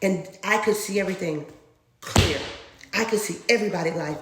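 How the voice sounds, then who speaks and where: A woman from Dallas, telling a personal faith testimony in a lively way, acting out sounds and laughing often. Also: fairly low pitch, fairly quick, noisy background. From Dallas, Texas. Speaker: storyteller sharing a faith testimony. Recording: roomy echo.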